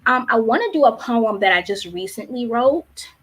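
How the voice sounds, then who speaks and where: A young woman with a Baltimore accent performs spoken word on a live stream, her voice sitting a little high and ringing bright. She rolls through lines with a rhythmic, emphatic lilt. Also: expressive, normal speed, slightly rough. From Baltimore, USA. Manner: rhythmic, emphatic poetry delivery. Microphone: streaming on a live online show.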